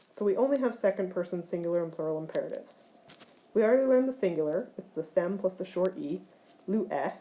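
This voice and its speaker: A woman's voice: mid-range voice, warm tone, rough recording. A woman teaching ancient Greek grammar in a recorded lecture, explaining forms step by step, with occasional fillers.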